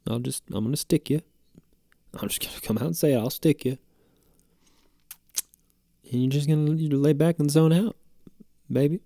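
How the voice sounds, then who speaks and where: Man doing a breathy, laid-back acupuncturist, gravelly half-whisper. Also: on the high side, fairly even intonation, moderate pace, pauses often, warm tone, no room sound, clean studio sound, voice pushed up. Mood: mellow pitching. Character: laid-back male acupuncturist drumming up clients.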